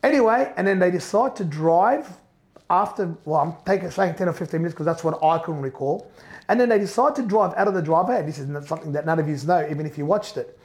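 Middle-aged man, high pitch, heated first-person storytelling. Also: fast talker. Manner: animated, repeats and restarts, acts out quoted voices. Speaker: business owner telling his story.

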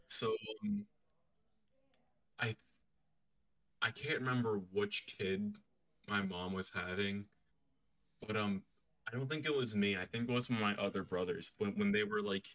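Low-voiced man chatting on a podcast. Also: unhurried, long pauses, fairly bright tone. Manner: rambling with many restarts and fillers. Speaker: podcast co-host. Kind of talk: casual podcast chat.

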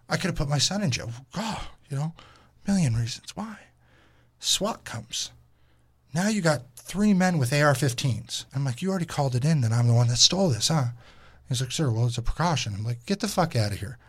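A man's voice: mid-range voice, sing-song, quick pace, slightly rough. A young man casually telling a story as a podcast host, profane and exasperated, acting out his retelling.

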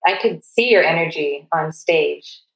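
A woman's voice: deep voice, a little slow, gravelly, a bit bright, low-quality recording. A woman hosting an interview, encouraging her guests and asking short questions. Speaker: host.

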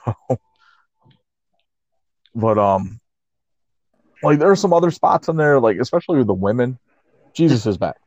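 A man's voice: mid-range voice, big pitch swings, unhurried, long pauses, darkish tone, dry recording. A man co-hosting a casual podcast, recapping wrestling in a laid-back way, laughing often and saying "like" a lot. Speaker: podcast co-host. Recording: muffled lo-fi audio.

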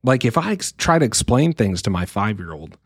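A man's voice: on the low side, very animated, fairly quick, breathy edge, no echo, clean studio sound. A man in his thirties hosting a podcast, speaking earnestly in a reflective solo monologue and thinking aloud with frequent restarts.

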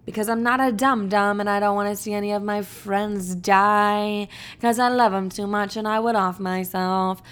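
A woman's voice: medium pitch, fairly even intonation, normal speed, clean tone. A woman in her twenties hosting a casual solo podcast, chatty and playful, swearing freely and saying "like" constantly. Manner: chatty, profane, playful, says "like" a lot. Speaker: podcast host.

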